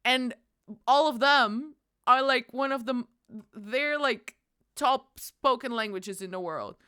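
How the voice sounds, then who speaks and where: A woman's voice: a little high, takes it slowly, pushed and bright, clear, resonant tone, dry recording, studio quality. A young woman streamer chatting casually with her viewers, giggly and bubbly, with squealing greetings and playful cursing. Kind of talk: casual livestream chat with viewers.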